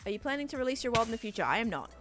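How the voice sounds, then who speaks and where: A woman's voice: a little high, sing-song, rapid-fire, over music. A woman from Sydney with an Australian accent, chatting casually with viewers during a game stream and answering chat in a rambling way.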